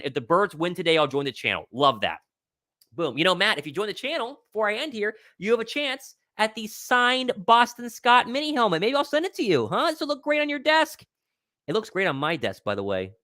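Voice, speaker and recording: A young man hosting a live sports stream, talking with excitable confidence and reading out viewers' questions. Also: high-pitched, dry recording, studio quality. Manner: excitable, confident, reads chat questions aloud. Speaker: host of a sports livestream. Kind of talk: live pregame Q&A commentary.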